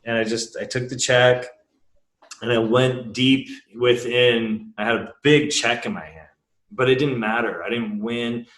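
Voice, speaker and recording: A man's voice: medium pitch, fairly even intonation, a little slow, fairly bright tone. A man guest on a podcast, frankly telling a personal story in a casual, emotional way and swearing freely. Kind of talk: candid conversational storytelling. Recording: roomy echo.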